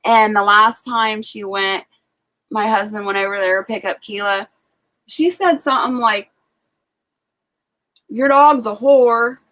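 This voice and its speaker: A woman's voice: medium pitch, normal speed, sharp tone. A woman hosting a casual livestream from a rural farm home, telling chatty stories full of "like" and asides. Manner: chatty storyteller, lots of "like". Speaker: livestream host. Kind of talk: casual chat.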